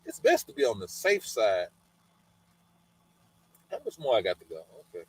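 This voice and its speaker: A man's voice: on the low side, wildly swooping pitch, normal speed, slightly rough, dry recording, rough recording. A man hosting a podcast, reading scripture aloud and breaking off into loose, colloquial commentary, often adding "man" and "you know" as he talks. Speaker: podcast host.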